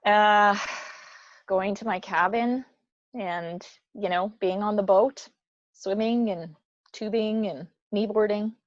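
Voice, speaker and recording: A middle-aged woman being interviewed in a casual chat, frank and quick to answer, often laughing. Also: mid-range voice, dry recording, highs cut off. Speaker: interview guest, business leader.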